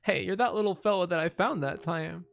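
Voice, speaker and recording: A man's voice: high-pitched, a little fast, vocal fry, voice pushed up. Man reading a brooding young killer. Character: brooding young male killer, hungry and wistful.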